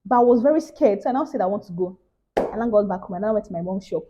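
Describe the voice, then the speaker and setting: A woman's voice: medium pitch, expressive, fast talker, muffled recording, noisy background. A young Nigerian woman with a Nigerian accent, telling a story in a casual vlog and acting out the other people's voices. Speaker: vlogger.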